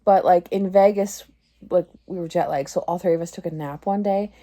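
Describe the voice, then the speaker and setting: A woman in her thirties, her voice fairly low and mellow, speaks at normal speed in a casual confessional vlog. She rambles, leans heavily on "like," and laughs at herself through her embarrassment.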